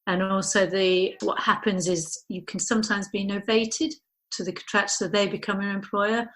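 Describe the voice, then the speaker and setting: Poor audio captures a middle-aged architect as she's interviewed, musing thoughtfully and wandering, with frequent restarts and repeated "you know"s. She speaks at a normal speed in a mid-range, slightly bright voice with fairly level intonation.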